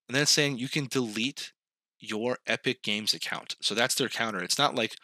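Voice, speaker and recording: A man's voice: mid-range voice, moderate pace, pushed and bright, dry recording. A man co-hosting a casual podcast, ranting comically, acting out quoted voices and laughing mid-sentence. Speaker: podcast co-host. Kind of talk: casual comedic rant.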